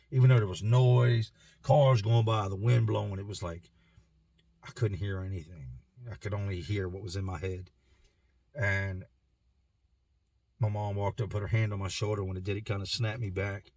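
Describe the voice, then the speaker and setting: A man's voice: lowish voice, fairly even intonation, moderate pace, long pauses, darkish tone, dry recording. A man telling his own life story in a candid, emotional way, with casual slang and repeated words. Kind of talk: personal storytelling to camera.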